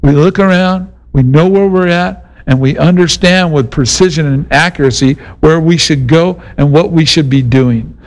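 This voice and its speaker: A man's voice: fairly high pitch, normal speed, hardly any pauses, poor audio. A middle-aged man preaching a sermon in a casual, conversational way, mixing Bible teaching with a personal story. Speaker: pastor.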